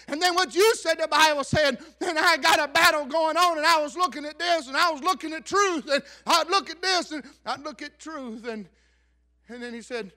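A middle-aged man preaching a sermon as a pastor, telling a story and rising from quiet asides to shouts. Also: extremely high pitch.

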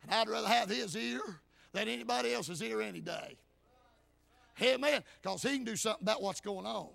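A man preaching a hollering revival sermon in church, shouting and punctuating every line with amen and hey. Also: high voice, fairly quick, gravelly, no echo.

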